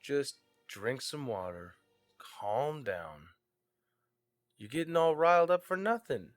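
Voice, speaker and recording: A man's voice: mid-range voice, sing-song, slow, dry recording, faint music behind, pitched above the performer's own voice. A man voicing a motherly woman companion who coaxes and soothes in a tabletop game. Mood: coaxing. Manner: soothing, coaxing, fussing.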